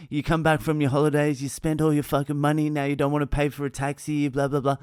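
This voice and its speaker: A man voicing an angry male taxi driver who yells abuse at his passenger. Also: on the high side, little pitch movement, fast, smooth, no echo, studio quality, pitched above the performer's own voice, close to an everyday voice. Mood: furious. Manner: yelling, abusive.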